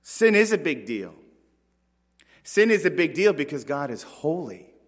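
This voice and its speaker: Guy preaching a sermon, slightly high voice, earnest and dramatic, big echoey church. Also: very animated. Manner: earnest preaching with dramatic pauses and rising emphasis. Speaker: pastor. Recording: long reverb of a large hall.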